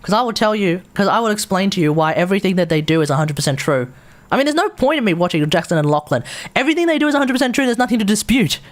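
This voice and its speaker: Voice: mid-range voice, sing-song, rapid-fire. An Australian game streamer chatting casually on a live stream, rambling, laughing and swearing as they go.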